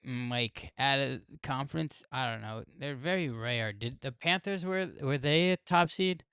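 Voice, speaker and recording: A podcast co-host with a mid-range, fairly bright, clear and resonant voice rambles through stories on a casual sports show at a measured pace. He swears casually and laughs often, and the recording is dry, clean studio sound.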